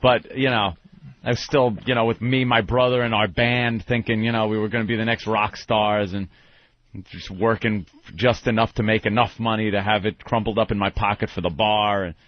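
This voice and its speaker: A man's voice: on the low side, fairly even intonation, moderate pace. A man hosting a radio show, telling a rambling, profane story about his past in casual talk. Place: radio studio. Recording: dull lo-fi radio broadcast.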